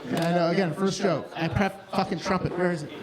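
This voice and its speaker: The comedian's voice is high with fairly even intonation and a fairly quick pace as he performs live in a bar. Rambling and crude, he frequently interrupts himself, while the audience laughs amid the crowd noise.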